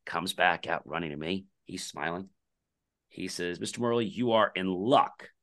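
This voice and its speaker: A man's voice: deep voice, moderate pace. A man who founded a company, telling a long anecdote as a podcast guest and acting out the dialogue of the people in it. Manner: animated storyteller acting out quoted dialogue. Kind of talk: anecdotal storytelling in a conversation.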